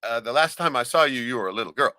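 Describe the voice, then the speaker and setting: Fast and expressive, this man's mid-range voice comes through with no room sound. He hosts a podcast, spinning a story in casual, swear-filled talk, repeatedly asking "right?" and loudly performing the voices of the people involved.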